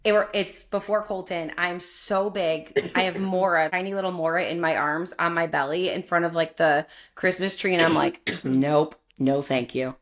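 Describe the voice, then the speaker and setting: A woman in her thirties co-hosting a casual podcast, chatting about parenting with lively storytelling. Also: on the low side, normal speed, hardly any pauses. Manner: chatty, animated storytelling with acted quotes. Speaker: podcast co-host. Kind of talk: casual chat.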